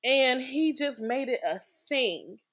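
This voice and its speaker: A woman's voice: high voice, animated, takes it slowly. A woman guest on a podcast, telling a personal story in a blunt, frank way and swearing freely.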